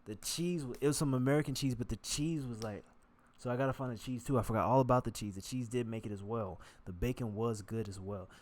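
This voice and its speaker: A man's voice: medium pitch, quick pace, few pauses, a little mellow. A man vlogger talking to himself in a rambling, digressive casual monologue.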